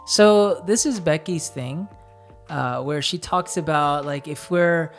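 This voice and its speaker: A man co-hosting a relaxed conversation with his partner. He thinks aloud, halting and restarting with plenty of fillers. Soft music plays faintly underneath. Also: on the high side. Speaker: co-host. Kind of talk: casual couple chat.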